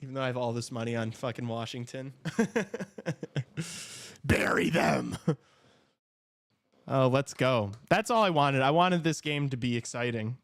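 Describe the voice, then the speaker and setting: A man hosting a casual live talk show, reacting to a hockey game with excited outbursts and jokes. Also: mid-range voice, brisk, few pauses, clear, resonant tone, dry recording. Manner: excitable, shouts at big plays, joking. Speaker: podcast host watching a hockey game.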